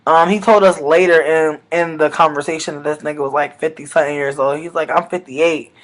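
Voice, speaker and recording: High-pitched animated man, casual storytelling. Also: quick pace, poor audio. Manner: animated, profane, slangy, swings between loud bursts and mutters. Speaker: vlogger.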